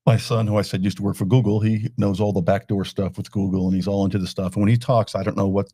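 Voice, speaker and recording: A middle-aged man, an attorney, co-hosting a casual podcast chat, who talks in quick bursts with lots of restarts. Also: fairly low pitch, flat delivery, dark tone, breathy edge, no room sound.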